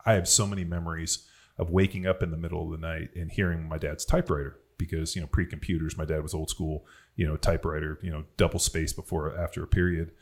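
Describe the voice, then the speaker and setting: A man's voice: extremely low pitch, level tone, fast. A man on a podcast, telling rambling personal stories in casual chat, swearing freely and filling with "like" and "you know.". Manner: rambling storytelling with frequent swearing and fillers. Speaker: podcast host.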